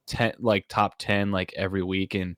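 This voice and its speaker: A man's voice: low-pitched, little pitch movement, moderate pace, a bit bright, no room sound, clean studio sound. A man hosting a casual podcast, thinking aloud in a rambling, easygoing way. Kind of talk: casual chat.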